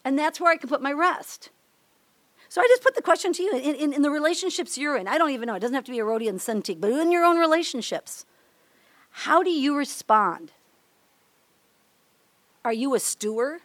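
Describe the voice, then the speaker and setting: A woman's voice: high-pitched, lively intonation, fairly quick, long pauses, fairly bright tone, dry recording. An older woman from Minnesota, giving a chatty, candid devotional talk to a women's group, laughing often and acting out little everyday scenes. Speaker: women's ministry speaker.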